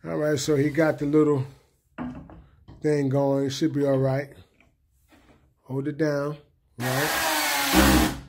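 A middle-aged man giving a casual tour of his apartment, often checking in with "okay?". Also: a little high. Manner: relaxed, repeats "okay?" often. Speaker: home tour vlogger. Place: apartment room indoors.

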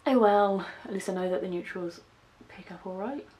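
A young woman from the West Country of England, lightly accented, narrates her makeup tutorial at normal speed in a darkish, mid-range voice. As a vlogger she keeps it casual, commenting on each step with self-deprecating humor.

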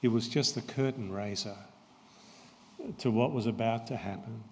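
A man preaching a sermon as pastor, slow and emphatic, repeating his key phrases. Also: mid-range voice, slight background noise. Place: church. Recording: long church reverb.

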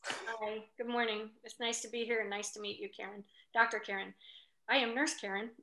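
A woman's voice: fairly high pitch, fairly even intonation, fairly quick, sharp tone. A woman of about fifty, a retired nurse, introducing herself on a panel, friendly and earnest with slight hesitations. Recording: echoey room.

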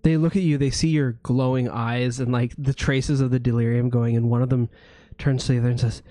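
A man's voice: mid-range voice, fairly even intonation, brisk, hardly any pauses, mellow, no room sound. A man narrating as game master in a tabletop game, casual with frequent restarts.

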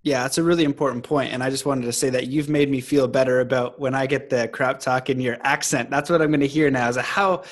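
A man's voice: medium pitch, steady tone, fast talker, hardly any pauses. A man hosting a podcast, chatting in a candid, informal way and laughing easily. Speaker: podcast host. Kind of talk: casual chat.

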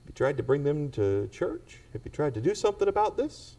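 Male preacher, higher voice, lively questioning sermon; miked from a distance in a church. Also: fairly quick. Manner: asks the congregation pointed rhetorical questions.

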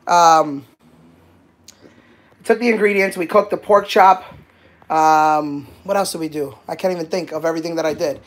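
A man hosting a live cooking stream from his home kitchen, talking excitedly and joking about himself. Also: a little high, moderate pace, pauses often. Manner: excitable, joking, self-deprecating. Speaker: cooking show host. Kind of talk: casual live-stream chat.

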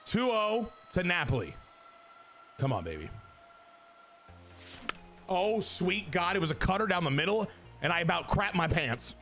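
A young man hosting a gaming channel, giving excited commentary on his baseball video game and cheering and shouting at the plays. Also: sits high, unhurried, pauses often, soft background music. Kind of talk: excited live gameplay commentary.

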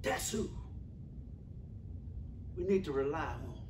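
A man preaching a sermon in a church, calling out to the congregation and repeating his phrases, swinging from shouts to hushed asides. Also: fairly high pitch, animated, takes it slowly, roomy sound, recorded from a distance, background noise. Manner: calls out to the congregation. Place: church sanctuary.

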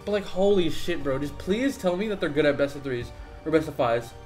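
A young man recording a gaming video rants in an agitated, swearing flow. His voice sits somewhat high for a man, and soft music plays behind him. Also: animated, fairly quick. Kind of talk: profane live-reaction rant.

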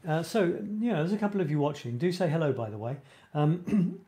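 A man's voice: fairly high pitch, expressive, fairly quick, mellow. A man hosting a live writing show, chatting casually in a rambling way, often breaking off mid-sentence and laughing at himself. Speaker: host of a creative writing show. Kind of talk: casual live-stream chat.

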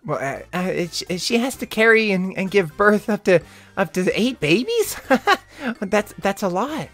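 A man's voice: high-pitched, big pitch swings, measured pace, a bit bright, soft background music, pitched above the performer's own voice, full character voice. A man playing a stammering tactless woman commenter. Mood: flustered. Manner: stammering, giggly.

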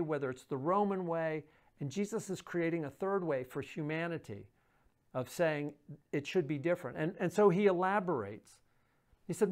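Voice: medium pitch, darkish tone. Conversational pastor teaching scripture. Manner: conversational, with frequent fillers and restarts; reads scripture aloud and explains it. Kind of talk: devotional Bible teaching.

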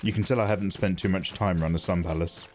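A man chatting through live gameplay, excitable and jokey, thanking viewers as he plays. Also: low-pitched, fast, slight background noise. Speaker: gaming streamer.

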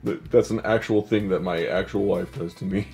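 Deep-voiced man bantering as a podcast host. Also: fairly even intonation, gravelly, darkish tone, soft background music. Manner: joking and quick to laugh. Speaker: show host and game master. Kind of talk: casual chat.

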